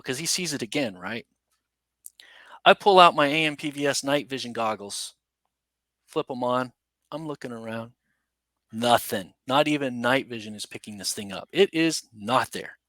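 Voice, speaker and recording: A man guesting on a podcast, telling a story casually in a rambling, animated way full of asides. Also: medium pitch, no room sound. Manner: animated, rambling, with many "you know" and "right?" asides.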